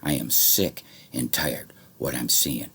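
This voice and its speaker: A man talking straight to his viewers in a rambling, profane monologue that swings from low muttering to shouting. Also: slow, gravelly, a little hiss or hum. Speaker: vlogger.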